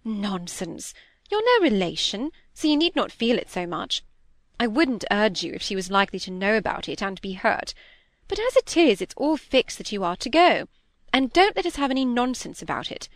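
A woman's voice: medium pitch, big pitch swings, normal speed, no echo, clean studio sound, lightly acted. A woman reading aloud and voicing a fussy, self-absorbed middle-aged stepmother who chatters and brushes off objections. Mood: dismissive. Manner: chattering, dismissive, sharp.

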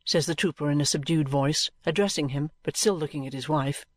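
A man's voice: a little high, fairly quick, few pauses, no room sound. Man reading an audiobook, dry sound. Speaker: audiobook reader. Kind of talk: audiobook narration of a classic novel.

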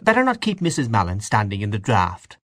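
A man voicing a fussy elderly aunt who chides in a fretful way, raising his voice high for her. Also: huge pitch swings, brisk, fairly bright tone, no room sound, studio quality, exaggerated voice. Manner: scolding, fretful. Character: fussy elderly aunt, a woman, chiding but kindly.

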